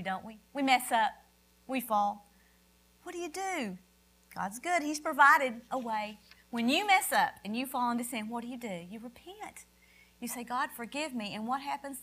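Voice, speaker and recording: A woman's voice: mid-range voice, fairly bright tone. A woman preaching a sermon, emphatic, asking questions of her listeners and answering them.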